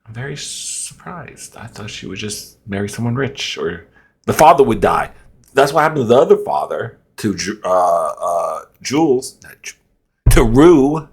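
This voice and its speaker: Man, husky voice, low pitch, rambling reaction commentary, jokey, self-interrupting. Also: big pitch swings, unhurried. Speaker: reaction video host.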